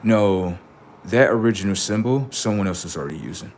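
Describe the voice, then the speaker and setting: A man with a lowish voice preaching to his live chat, rambling and profane. His street slang runs throughout, and his delivery swings between quiet, low mutters and sudden high shouts. A faint hum of noise sits underneath. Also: brisk. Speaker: livestream host. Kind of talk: live stream talk to chat.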